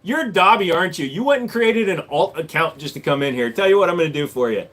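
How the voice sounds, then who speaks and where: A Korean-born man in his forties hosts a casual live stream, answering chat questions bluntly and sarcastically. His voice is on the high side, very animated, and he talks fast.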